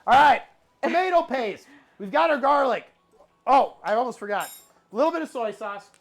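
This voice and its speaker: A woman's voice: high voice, lively intonation, moderate pace, soft background music. A woman hosting a casual cooking stream, playfully talking through each step as she cooks.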